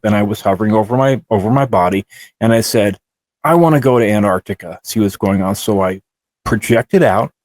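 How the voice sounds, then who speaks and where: A man's voice: fairly low pitch, a little mellow, no room sound. A middle-aged man co-hosting a show, recounting his own experiences in a rambling way with many restarts. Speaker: co-host. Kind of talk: casual first-person storytelling.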